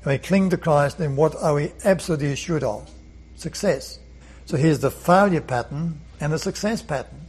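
A man's voice: on the high side, moderate pace, darkish tone, breathy edge, poor audio. A man leading a Bible study lesson, earnest, often repeating words and asking rhetorical questions.

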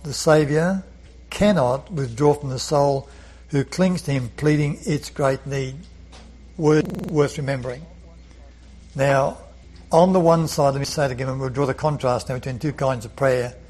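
A man's voice: medium pitch, normal speed, darkish tone, poor audio. A man leading a Bible study lesson, earnest, often repeating words and asking rhetorical questions.

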